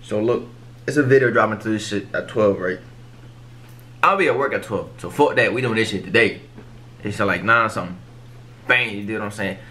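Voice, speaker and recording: A man's voice: lowish voice, fairly quick, long pauses, sharp tone. A young man hosting a music reaction video, talking in casual, profane street slang and cutting in over the song.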